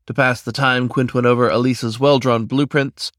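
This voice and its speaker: A man reading a fantasy story aloud as its narrator in a steady storyteller's manner. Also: mid-range voice, normal speed, no room sound, studio quality. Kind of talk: scripted narration.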